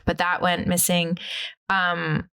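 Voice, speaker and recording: A woman's voice: on the low side, monotone, takes it slowly, bright, forceful tone, clear, resonant tone. A woman, a podcast guest candidly telling a personal story, full of filler words and acted-out quotes.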